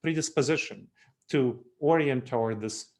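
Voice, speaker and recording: A man's voice: medium pitch, normal speed, a little mellow. A middle-aged man from New York giving a webinar presentation, lecturing in a chatty way with joking asides and chuckles.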